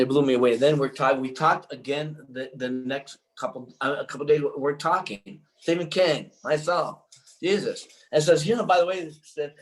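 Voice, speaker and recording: Excitable older man telling rambling stories. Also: on the high side, poor audio. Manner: excitable, rambling, full of restarts. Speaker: interview guest, filmmaker. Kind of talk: rambling anecdotal storytelling.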